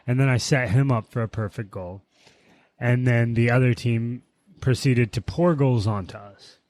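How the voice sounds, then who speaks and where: Man, podcast co-host, casual storytelling, profane, heated outbursts, mid pitch, dry close sound. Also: a little mellow, dry recording.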